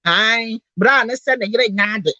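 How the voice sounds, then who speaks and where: A woman's voice: a little high, unhurried, pushed and bright, no room sound, lo-fi sound. A Ghanaian woman talking passionately, mixing Twi and English in an emotional, preachy lecture. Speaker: host.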